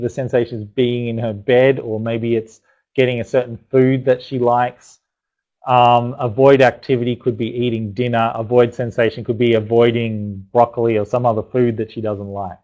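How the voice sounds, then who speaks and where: A man leading an online parenting class at a mid-range pitch. He talks in a chatty, encouraging way, stopping to restart thoughts as he speaks straight to viewers. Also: darkish tone, low-quality recording. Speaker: webinar presenter on parenting. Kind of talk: live online teaching webinar.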